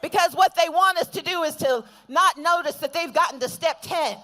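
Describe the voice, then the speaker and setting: A woman addressing an outdoor protest rally, building from steady argument to shouted call-and-response refrains. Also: very high voice, normal speed. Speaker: rally speaker.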